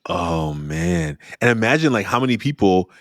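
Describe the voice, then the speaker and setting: A middle-aged man hosting an interview podcast, talking in a lively storytelling way. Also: normal speed, no room sound, studio quality. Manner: animated storyteller, jumps high when acting out exchanges. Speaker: podcast host. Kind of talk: conversational interview.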